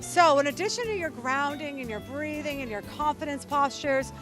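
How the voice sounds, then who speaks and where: A woman hosting a show, coaching her viewers straight to camera in an animated, playful way and acting out little quotes. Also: high voice, moderate pace, over music. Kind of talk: direct-to-camera coaching talk.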